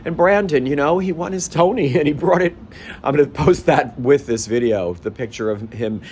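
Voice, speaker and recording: A man's voice: medium pitch, slight background noise. A man in the wardrobe department of a theater, talking casually and emotionally into his phone camera at home, gushing and laughing at himself. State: emotional, near tears. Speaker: theater wardrobe worker and vlogger. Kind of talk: casual selfie vlog. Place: at home, then a bathroom.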